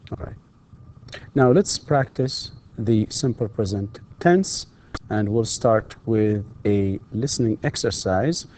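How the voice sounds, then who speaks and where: Slow, mellow-voiced man teaching English grammar. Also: mid-range voice, a little hiss or hum. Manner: patient, models example sentences with exaggerated rising intonation; slips briefly into Arabic to instruct students. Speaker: English instructor. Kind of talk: slow recorded lecture over slides. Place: university distance-learning studio.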